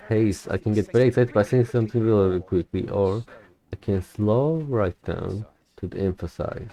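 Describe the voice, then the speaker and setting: A young man whose first language is Turkish, shadowing a recorded speech aloud in English, with careful, deliberate delivery and occasional slips. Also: fairly low pitch, dark tone, poor audio. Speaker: language learner.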